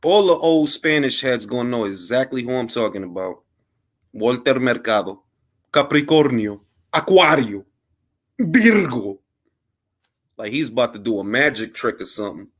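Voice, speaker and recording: A man's voice: mid-range voice, fast, hardly any pauses. A man hosting a casual boxing podcast, telling stories in slangy English with Spanish phrases thrown in. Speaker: podcast host. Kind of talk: casual panel chat.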